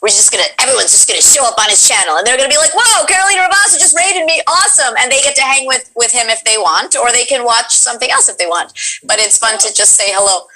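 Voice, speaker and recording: A woman from Colombia hosting a casual live stream, chatting to her guest and to the chat with quick asides. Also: on the high side, sharp tone, rough recording. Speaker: streamer host.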